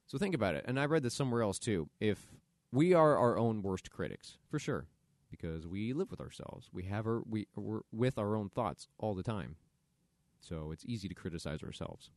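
A man's voice: lowish voice, dry recording, studio quality. A man hosting a solo podcast, talking earnestly and conversationally about self-compassion as motivational advice. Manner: earnest, conversational, acts out quoted inner voices. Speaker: podcast host.

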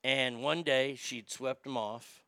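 A man tells candid, rambling family stories to listeners who know him, swearing freely. His voice is gravelly and forceful, with a tense edge. It sounds close and dry, with no room echo. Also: mid-range voice, fairly even intonation, slow pace. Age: adult. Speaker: storyteller. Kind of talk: casual storytelling to a familiar audience.

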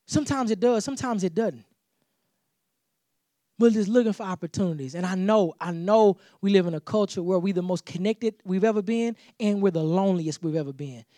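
A man's voice: high voice, fairly quick, no room sound, clean studio sound. A man preaching a sermon as pastor, talking in a loose conversational way, repeating himself and acting out little dialogues. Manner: animated, conversational preaching with repetitions and acted-out dialogue.

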